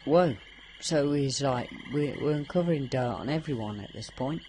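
A woman's voice: a bass voice, lively intonation, moderate pace, dark tone, a little hiss or hum. A woman commenting casually on a game playthrough, chatty and rambling, her voice a little strained. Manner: chatty, rambling, with many fillers. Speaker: gameplay commentator.

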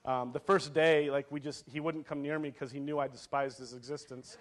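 A man's voice: medium pitch, fairly even intonation, moderate pace, noisy background. A man in his thirties preaching a sermon, telling a family story with laughs and acted quotes before reading scripture. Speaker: pastor.

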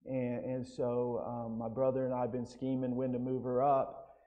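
A man's voice: medium pitch, monotone, normal speed, narrow, tinny audio. A man preaching an evangelistic sermon as pastor, telling stories and often checking in with "right?". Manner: storytelling with frequent "right?" asides. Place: church sanctuary. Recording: long hall reverb.

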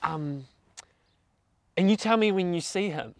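A man's voice: high voice, lively intonation, a little slow, gravelly, dry recording, heavily acted. An actor playing an awkward hitman who rambles, hesitates and loses his words. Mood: shifty. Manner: hesitant, rambling, lots of ums and trailing off.

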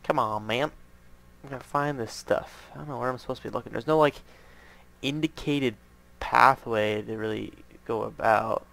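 A man's voice: medium pitch, moderate pace, gravelly, a bit bright. A man casually commenting as he plays through an adventure map, joking and reading signs aloud. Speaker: gaming channel host.

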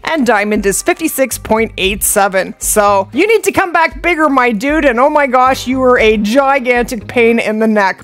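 A young woman hosting a gaming channel, chatting excitedly through her gameplay and dropping to a hush while she stalks prey. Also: fairly high pitch. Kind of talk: live gameplay commentary.

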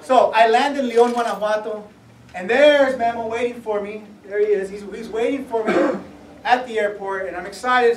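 A man's voice: sits high, fairly even intonation, normal speed, slight background noise. A man, an author, giving a public talk in a museum event space and telling his story with laughs, acting out the people in it. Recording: echoey room, mic from far off.

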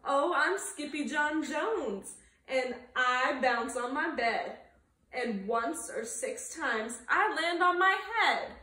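A woman voicing an excitable, bouncy young male kitten. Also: high voice, slow pace, reverberant, exaggerated voice. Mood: excited.

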